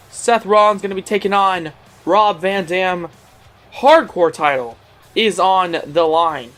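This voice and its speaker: A video game commentator doing excitable play-by-play of a wrestling match, playing the big announcer and slipping into casual, laughing asides. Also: mid-range voice, a little slow, faint music behind. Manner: excitable announcer, keeps repeating "ladies and gentlemen".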